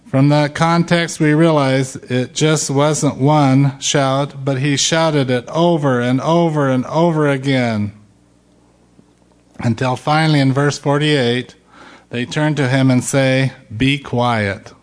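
Slow, emphatic male preacher. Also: mid-range voice, fairly even intonation. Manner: slow, emphatic preaching, rising loud when quoting shouts. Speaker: pastor. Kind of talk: sermon.

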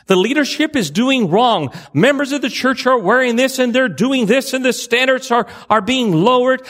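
A man preaching a sermon to his congregation, earnest, repeating phrases and asking rhetorical questions. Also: high voice. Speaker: pastor.

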